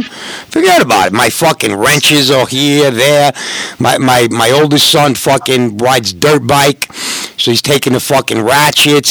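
A man's voice: a little high, a bit bright, no echo, rough recording. A middle-aged man telling stories as a podcast guest, casual, rambling and full of swearing. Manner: profane, rambling storyteller. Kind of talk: casual chat.

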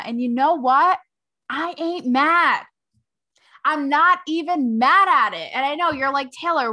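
A young adult woman hosting a podcast, telling a story in a sassy, slangy, animated way. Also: fairly high pitch. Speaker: podcast host. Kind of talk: casual storytelling commentary.

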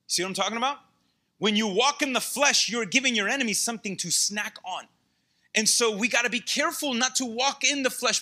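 A man preaching a sermon in a conversational, animated way, with asides to his listeners in a church or meeting hall. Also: high voice. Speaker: pastor.

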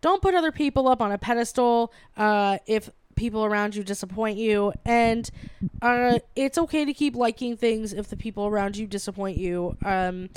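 A woman's voice: medium pitch, normal speed, clean tone. Rambling woman podcast co-host. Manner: rambling, many fillers and restarts. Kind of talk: casual chat.

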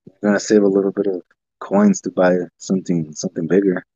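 A man's voice: low voice, little pitch movement, fast talker, warm tone, breathy edge, dry recording, highs cut off. A man co-hosting a casual chat, talking in a rambling, laid-back way full of "like". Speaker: podcast co-host.

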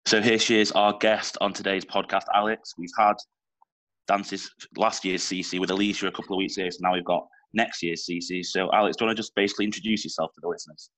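Speaking fast in a low, steady, somewhat bright voice, this young Mancunian podcast host keeps his casual interview chatty and informal, slipping up now and then. The recording quality is poor.

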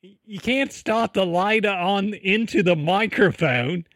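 A man's voice: high-pitched, slow pace, a bit bright, no echo, clean studio sound. A man playing a bossy Australian podcast host in an improvised comedy sketch, scolding his co-host, with a put-on Australian accent. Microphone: close studio mic.

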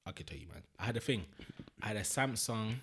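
A man's voice: fairly low pitch, quick pace, slightly rough. A man, co-hosting a podcast in casual chat and telling stories with lots of slang. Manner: animated, slangy storytelling. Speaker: podcast co-host.

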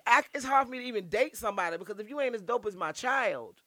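A middle-aged woman, a guest poet, telling stories in casual podcast chat, animated, blunt and freely profane. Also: on the high side, fast, no room sound.

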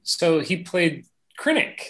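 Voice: medium pitch, very animated, slow. A podcast cohost chatting casually, giving short agreeing replies.

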